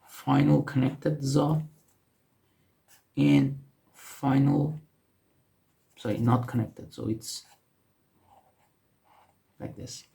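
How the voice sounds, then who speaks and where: Slow gravelly man teaching letters. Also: medium pitch, steady tone, warm tone. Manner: slow, patient explaining with frequent self-corrections. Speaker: language teacher. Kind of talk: casual teaching while writing on a board.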